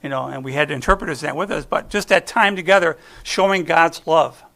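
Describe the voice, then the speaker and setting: A man's voice: a little high, a little fast, fairly bright tone. A middle-aged American man giving a conversational guest sermon, chatty and folksy, often trailing off and restarting. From United States. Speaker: guest speaker. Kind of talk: conversational sermon with personal stories.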